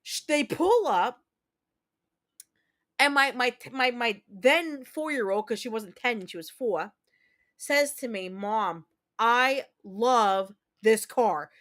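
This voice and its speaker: Woman host in her thirties, casual stream chat, heartfelt and blunt, a little higher-pitched, thick accent. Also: lively intonation, slow pace, pauses often, fairly bright tone. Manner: candid, emotional, repetitive storytelling with mild swearing.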